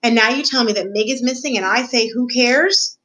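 A woman voicing a tall, sharp-tongued castle woman who talks in a scornful, dismissive way, in a storybook reading. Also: fairly high pitch, a little fast, voice pushed up, lightly acted, low-quality recording.

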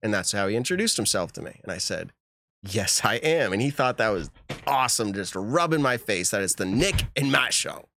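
A man's voice: fairly low pitch, sing-song, brisk, pushed and bright, a little hiss or hum. A young man co-hosting a podcast, telling a story in a rambling way and laughing often. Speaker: podcast co-host. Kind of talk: casual chat.

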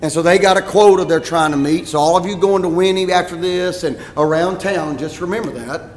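A pastor telling a story in his sermon, animated and rising to shouts at times. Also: high voice, a little fast. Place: church sanctuary. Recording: echoey church hall.

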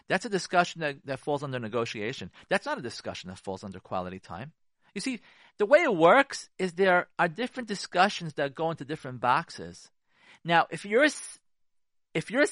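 Emphatic, lively-voiced male marriage counselor. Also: on the high side, no room sound, clean studio sound. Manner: emphatic, repeats key phrases, acts out spouses' lines. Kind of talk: radio advice talk.

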